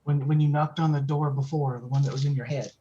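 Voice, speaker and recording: A fairly high-voiced man at the game table, excitable and cursing freely. The recording sounds a bit dull and muffled. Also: fast talker. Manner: excitable, swears. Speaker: player. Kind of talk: casual tabletop play.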